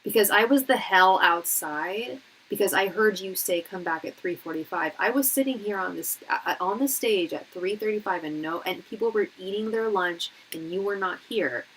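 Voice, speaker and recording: Late-30s woman venting to her stream, animated and emphatic, lots of like and restarts, sharp tone. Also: mid-range voice, moderate pace, hardly any pauses, slight background noise, rough recording. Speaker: tarot reader and psychic hosting a live reading. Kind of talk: casual live-stream chat and advice.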